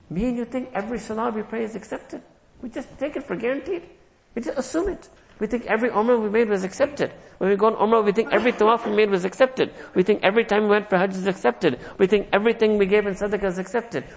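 A man's voice: high-pitched, vocal fry, a little mellow, long reverb tail, rough recording. A man giving a sermon, telling stories in an earnest way and chuckling now and then. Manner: storytelling, earnest, chuckles often, mixes in Urdu and Arabic terms. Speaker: Islamic preacher.

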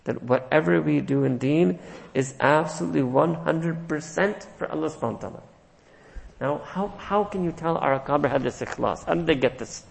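A man's voice: medium pitch, gravelly, darkish tone, in a large hall, rough recording. A man giving a sermon, telling stories in an earnest way and chuckling now and then. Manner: storytelling, earnest, chuckles often, mixes in Urdu and Arabic terms. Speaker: Islamic preacher.

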